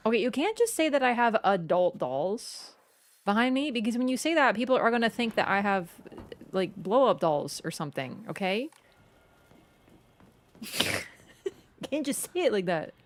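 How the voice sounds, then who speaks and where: A young woman streaming a horror game live, chatting excitably, joking and swearing at the game. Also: on the high side, moderate pace, long pauses, a little hiss or hum. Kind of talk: live let's-play chat.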